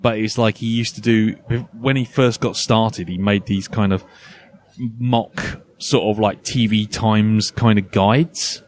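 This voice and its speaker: A man's voice: lowish voice, fairly even intonation, unhurried. A man hosting a casual podcast chat, rambling and laughing often. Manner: rambling, laughs often, lots of "you know". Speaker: podcast host.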